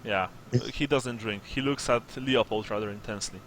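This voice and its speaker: Guy gm narrating a tabletop game, bright tone, lots of uh and all right, bit of noise. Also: on the low side. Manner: halting, fills with uh and all right, slips into a gruff sergeant voice. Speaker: game master.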